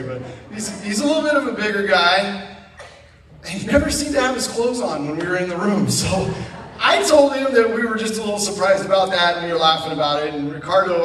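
A man speaking as a guest in a church, telling a funny mission-trip story in an animated way and often laughing as he talks. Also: high voice. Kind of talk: storytelling testimony. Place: church sanctuary. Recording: echoey church hall from a distance.

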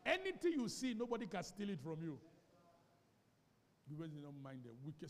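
A man's voice: on the high side, very animated, a little fast, in a large hall, a little hiss or hum. A Nigerian-accented male pastor preaching a sermon with emphatic repetition and call-and-response questions to the congregation. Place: church sanctuary.

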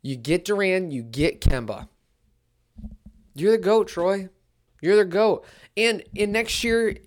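Woman, solo sports podcast host; low voice, casual, worked-up and emphatic. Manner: excitable, emphatic, repeats key phrases.

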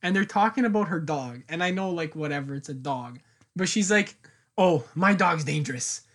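A man's voice: a little high, animated, brisk, fairly bright tone. Young man laughing through a story. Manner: laughing storyteller, acts out quotes. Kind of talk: casual chat.

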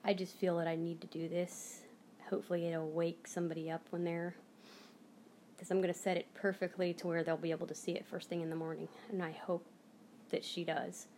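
A woman's voice: fairly low pitch, flat delivery, brisk, darkish tone, slight background noise. An American woman hosting her own channel, telling a heartfelt story casually to camera with many restarts. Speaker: channel host, reborn doll collector.

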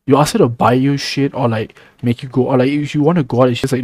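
A man's voice: medium pitch, steady tone, quick pace, a little mellow, dry recording, clean studio sound. A man co-hosting a casual podcast chat, teasing and pushy, swearing freely. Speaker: podcast co-host.

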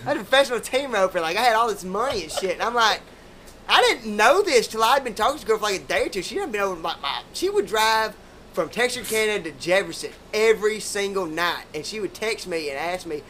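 A man's voice: high-pitched, expressive, fast talker, fairly bright tone, slight background noise. A man, hosting a podcast and telling rambling, profane stories in casual chat. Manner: profane, rambling, laid-back drawl.

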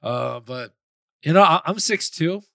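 A bright, forward-voiced young man from Queens talks as a podcast guest, pitched a little high for a man. He jokes freely, laughs a lot and slips into curses before apologizing. The sound is dry and close. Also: expressive, measured pace, gravelly, no echo. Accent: New York. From Flushing, Queens, New York. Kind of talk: casual chat.

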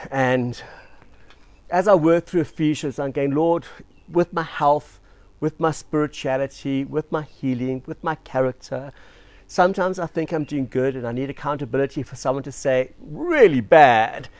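Male pastor from South Africa, conversational storyteller with a fairly high voice, dry close recording. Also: normal speed, a little mellow, dry recording. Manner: chatty storytelling with self-deprecating asides. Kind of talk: sermon.

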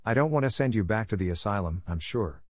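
A man voicing a stern, practical older woman who brisk-ly scolds her adopted girl, in a storybook reading. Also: on the low side, expressive, dry recording, studio quality. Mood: scolding.

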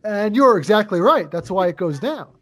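A man's voice: high-pitched, expressive, normal speed, fairly bright tone. A man co-hosting a podcast, casually retelling a movie plot with constant swearing and rambling asides. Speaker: podcast co-host. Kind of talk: casual movie review chat.

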